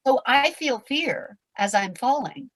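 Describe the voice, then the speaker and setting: A woman's voice: high-pitched, expressive, slow, slightly rough, no echo. Brief: older woman, veteran stage performer, theatrical motivational speaker on a video call. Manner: theatrical, acts out quoted voices, swings from loud to hushed. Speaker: guest performer and coach. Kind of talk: animated motivational talk.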